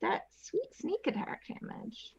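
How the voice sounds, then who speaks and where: A woman's voice: unhurried, whispered, muffled recording. A woman playing in a tabletop game, playful and giggly. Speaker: player. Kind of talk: casual tabletop game chat.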